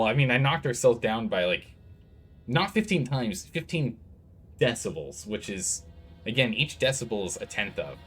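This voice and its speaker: A man streaming a game, chatting casually with viewers while fiddling with his microphone levels. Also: mid-range voice. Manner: chatty, distracted while fixing audio levels. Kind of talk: casual live-stream chat. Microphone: studio microphone with gain control.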